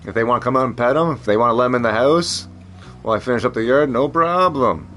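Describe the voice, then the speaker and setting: A man's voice: mid-range voice, fast talker, fairly bright tone, a little hiss or hum. A man chatting casually as a streamer, rambling, joking and swearing freely. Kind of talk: casual chat.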